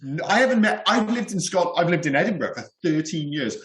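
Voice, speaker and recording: A man's voice: fairly high pitch, animated, a little fast, fairly bright tone. Roomy-sounding man, blunt opinions. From Wales. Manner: candid, blunt, rambling opinions. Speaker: podcast co-host. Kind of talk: casual film podcast chat. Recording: roomy echo.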